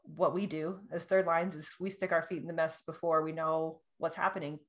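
A woman co-hosting a casual astrology chat, bubbly and easily excited, often breaking into laughter and delighted exclamations. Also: low-pitched, fairly quick. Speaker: podcast co-host.

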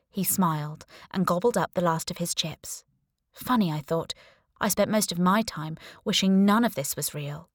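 Young female audiobook narrator: low-set voice, dry studio sound, wry first-person delivery. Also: moderate pace, no echo.

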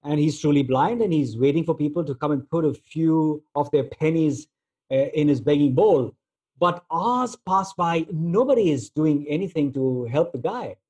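A man giving a relaxed storytelling talk, using plenty of filler words as he tells everyday examples. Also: fairly high pitch, normal speed, breathy edge, dull audio. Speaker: speaker on negotiation.

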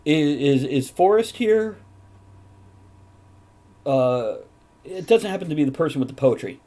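A man's voice: on the high side, expressive, unhurried, warm tone. A man hosting a casual panel chat, jokey and upbeat as he steers the talk. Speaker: host.

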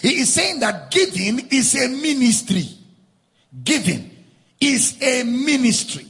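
A man's voice: very high-pitched, very animated, slow pace, gravelly, fairly bright tone, in a large hall. A man preaching a sermon as a pastor, driving his points home with repetition and sing-song emphasis.

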